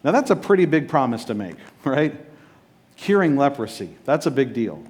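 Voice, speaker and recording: A man's voice: mid-range voice, big pitch swings, normal speed, a little mellow. A man preaching a sermon as pastor, casual and joking, often checking in with his listeners.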